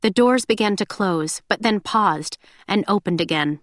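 A woman narrating a science-fiction audiobook in a steady, descriptive reading style. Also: mid-range voice, normal speed, dry recording, studio quality. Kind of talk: scripted narration.

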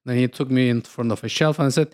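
A man co-hosting a casual podcast chat, talking in a halting way with frequent restarts and fillers. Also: mid-range voice, steady tone, darkish tone. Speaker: podcast co-host.

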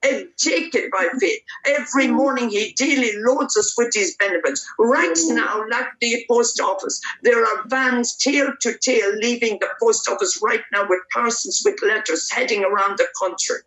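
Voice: mid-range voice, moderate pace, few pauses, a bit bright. Fervent preacher in an echoey room. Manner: fervent, repetitive prayer cadence. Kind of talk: prayer and sermon. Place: church service, based near Dublin.

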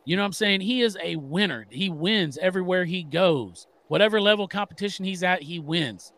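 Gravelly, profane middle-aged man. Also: high voice, brisk, fairly bright tone. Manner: profane, emphatic, rambling. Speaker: podcast co-host. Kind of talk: casual sports podcast chat.

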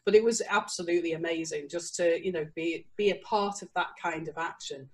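A woman, a guest author telling a lively story and breaking into laughter and quoted voices. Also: on the low side, fairly quick. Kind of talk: casual storytelling.

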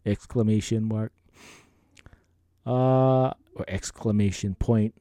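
A man's voice: fairly low pitch, steady tone, slow, dark tone, no room sound, clean studio sound. A man with a Hawaiian Pidgin accent, hosting a casual podcast and reading listener emails with a playful, laid-back manner. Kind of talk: casual chat.

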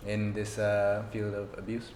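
A man's voice: lowish voice, monotone, a little slow, darkish tone. A man hosting a podcast, teasing guests and prompting them to wrap up. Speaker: podcast host. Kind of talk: casual chat. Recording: echoey room, faint hum.

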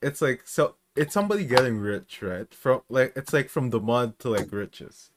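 A man chatting casually on a streamer podcast, animated and saying "dude" a lot. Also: medium pitch, moderate pace, background noise. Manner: animated, says "dude" often, laughs while talking. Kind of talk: casual chat.

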